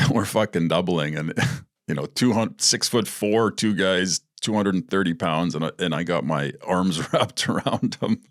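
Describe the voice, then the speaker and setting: Speaking low and unhurried in a clean, dry studio recording, a man shares personal anecdotes on his podcast. The storytelling is laid-back, frank and full of swearing, and he keeps laughing along the way.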